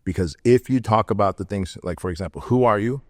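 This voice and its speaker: Fast-talking low-voiced man, blunt storyteller. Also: dry recording, clean studio sound. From Soviet Union. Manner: energetic, blunt, slangy, acts out quotes. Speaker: podcast guest, entrepreneur. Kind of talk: casual podcast interview storytelling.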